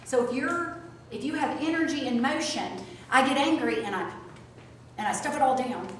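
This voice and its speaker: A woman teaching a small group, swinging from soft asides to loud outbursts. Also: high-pitched, moderate pace. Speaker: spiritual teacher. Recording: echoey room from a distance, faint noise.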